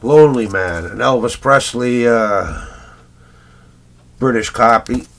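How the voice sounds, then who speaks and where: A man's voice: medium pitch, slow, gravelly, fairly bright tone. A middle-aged Canadian man, a record collector, chatting in a rambling casual vlog full of fillers and little chuckles.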